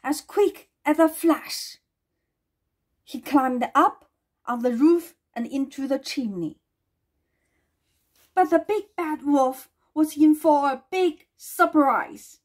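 A woman reading a children's storybook aloud in a gentle way, with small slips and restarts. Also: high voice, slow pace, pauses often.

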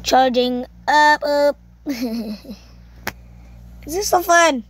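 Girl gamer chatting over her game, high voice, takes her time, yells and swears a lot. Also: extremely slow, long pauses, slight background noise. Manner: excitable, shrieking and cursing at the game. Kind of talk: casual gameplay commentary.

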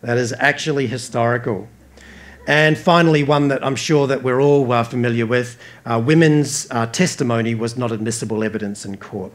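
A man with an Australian accent preaching a sermon earnestly, rising emphatically and dropping soft. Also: medium pitch. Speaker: pastor.

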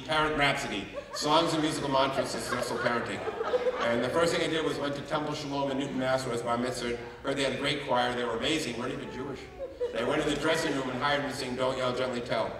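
A man giving a humorous storytelling talk as a youth care trainer, animated and jokey. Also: medium pitch. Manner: animated, jokey, breaks into singing. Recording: echoey hall, mic from far off.

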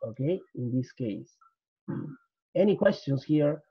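Man, English teacher, husky voice, very slow, repeats every point, dull lo-fi recording. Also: medium pitch, lively intonation, dry recording. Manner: repetitive, drills points, switches into Spanish to explain. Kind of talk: slide-based grammar lecture.

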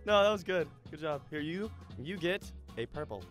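A man's voice: on the high side, expressive, normal speed, fairly bright tone, soft background music. A man hosting a casual gaming session with friends, giggling and bursting into laughter as he talks. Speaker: host.

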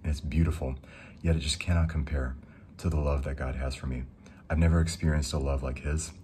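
A young man giving a casual, rambling devotional talk, reading verses slowly and enthusing between them. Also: very deep voice, fairly even intonation, warm tone, a little hiss or hum. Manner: reads scripture slowly. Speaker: Christian speaker.

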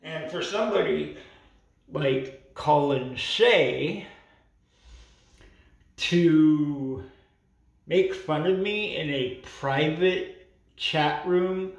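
A man's voice: a little high, slow, creaky, recorded from a distance. A man who speaks a bit unclearly because he has no teeth, ranting defiantly in a casual vlog and peppering his talk with "you know" and "right". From Canada. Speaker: vlogger. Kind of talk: casual vlog rant to camera. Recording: roomy echo, voice away from the mic.

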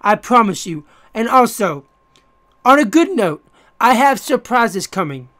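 Bright-voiced swearing male gamer. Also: very high voice, very animated, a little slow. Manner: cursing, easily frustrated, ranting; talks to viewers directly. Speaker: gaming YouTuber. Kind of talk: casual gameplay commentary.

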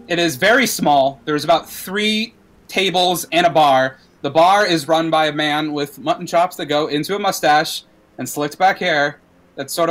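Male game master, slightly high voice, loose rambling scene narration. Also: fairly bright tone. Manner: loose, rambling descriptions with restarts.

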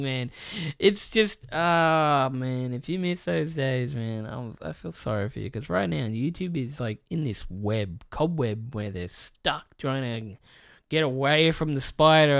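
A man's voice: fairly high pitch, clean tone, dry recording, clean studio sound. A man hosting a gaming channel, rambling through a profane casual rant to the camera with many restarts. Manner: mocks others with put-on quoted voices.

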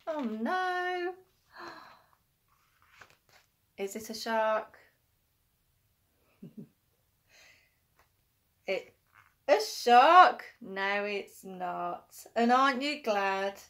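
A woman teacher reads a picture book aloud to young children, pausing for gasps and questions. Her voice is bright and fairly high, and she takes her time. Her pitch swoops about with lively expression. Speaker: infant school teacher.

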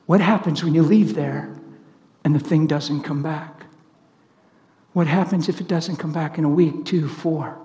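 A man preaching a sermon full of stories, animated, swinging from loud laughter to near whispers. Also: fairly high pitch, measured pace, big-room sound. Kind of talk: sermon with storytelling.

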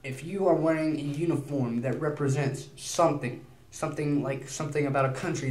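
A teenage boy vlogging in a casual, rambling way, nervous and prone to quick bursts of speech. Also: mid-range voice, a little mellow, roomy sound. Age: teens. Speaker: YouTuber.

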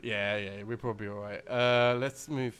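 A man telling a meandering anecdote while he plays a game. His voice is smooth and resonant, and he slips easily into laughter as he talks. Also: lowish voice, steady tone, normal speed, fairly bright tone. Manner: rambling storyteller, laughs easily. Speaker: let's play host. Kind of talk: casual gameplay chat.

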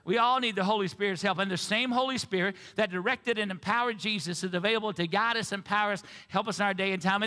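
Brief: high-pitched male pastor, preaching in a big echoing sanctuary. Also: sharp tone. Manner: preaching, prompts the congregation to repeat phrases. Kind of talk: sermon. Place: church sanctuary. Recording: reverberant church sanctuary.

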